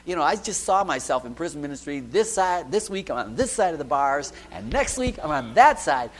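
A man preaching a sermon built around a personal testimony, talking conversationally with many asides and soft laughs, moving between loud stretches and hushed ones. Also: fairly high pitch, low-quality recording. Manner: conversational, frequent "you know" and soft laughs.

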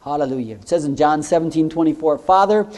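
Earnest preacher guy, slightly high voice, lots of "you know" and questions, goes soft on big points. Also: expressive, normal speed. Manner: reads scripture aloud; drops to soft, low tones on key points. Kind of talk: sermon.

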